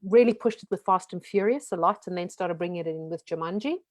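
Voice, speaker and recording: A woman in her forties from South Africa with a softened South African accent, talking frankly and lively as a guest in a casual interview. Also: lowish voice, no room sound. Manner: lively, frank, talks in quick runs. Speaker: guest, brand strategist.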